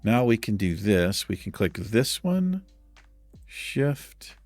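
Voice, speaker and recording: A man's voice: lowish voice, very animated, slow pace, a little mellow, dry recording, soft background music. A man hosting a gaming channel, thinking aloud and muttering in casual let's-play commentary, mildly exasperated.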